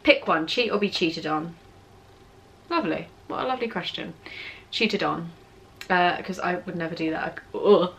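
A woman's voice: on the low side, moderate pace, long pauses, fairly bright tone, slight background noise. A young woman with a British accent from England, rambling and teasing herself as she answers viewer questions in a casual vlog. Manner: chatty, self-mocking, rambling. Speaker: vlogger. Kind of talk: casual Q&A chat. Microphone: camera on tripod with ring light.

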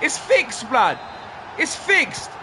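A man reacting live to a football video game, ranting, swearing and yelling at his players. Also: very high voice, very animated, drawn-out words, noisy background. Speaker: gaming YouTuber.

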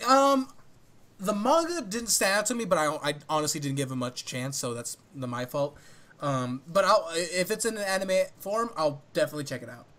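Animated high-voiced young man. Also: normal speed. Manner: animated, laughs and stumbles over names while reading. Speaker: podcast co-host. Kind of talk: casual podcast chat, reading a summary aloud.

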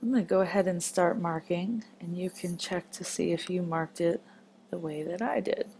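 A woman's voice: fairly low pitch, moderate pace, creaky, a little mellow, a little hiss or hum. A woman teaching a children's phonics lesson, patient and encouraging as she marks words step by step.

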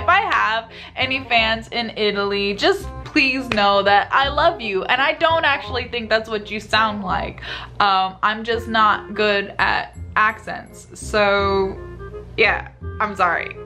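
A young woman in her twenties answering viewer questions in a casual vlog, talking in a blunt, profane and sassy way with lots of rhetorical questions. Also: pushed and bright. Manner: rhetorical questions and swings of pitch. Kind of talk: casual chat.

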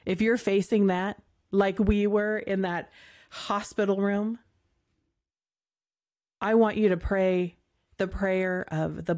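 A woman hosting a faith show, speaking heartfelt and emotional, halting and near tears at times. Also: medium pitch, mellow. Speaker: podcast host. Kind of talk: heartfelt faith talk to listeners.

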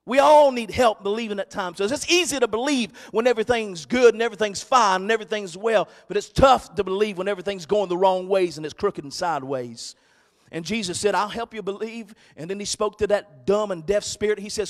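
A male pastor preaching a sermon, swinging from loud, shouted exhortation to quiet, hushed storytelling. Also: high voice, expressive, fairly quick, long reverb tail.

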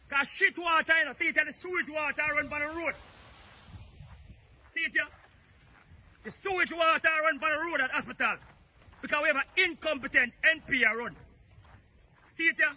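A man's voice: very high-pitched, pushed and bright. A Jamaican man complaining outdoors by a flooded road, agitated and repeating himself as he films on his phone. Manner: agitated, repetitive, pointing things out. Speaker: resident filming a local problem. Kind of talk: angry street complaint video.

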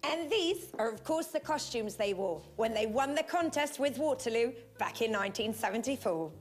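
A woman's voice: a little high, lively intonation, normal speed, lightly acted. A woman playing a clueless, chirpy, self-important Eurovision spokesperson in a comic mock travel report. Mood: bumbling. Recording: music playing underneath.

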